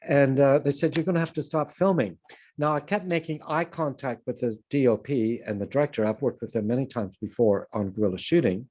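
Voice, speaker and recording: An older man from Canada talks through a filmmaking lecture on a video call. His voice sits at an everyday middle pitch. He wanders from point to point and pokes fun at himself along the way. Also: a little fast, few pauses, warm tone. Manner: anecdotal, self-deprecating, digressive. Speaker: film producer and lecturer. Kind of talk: online conference talk.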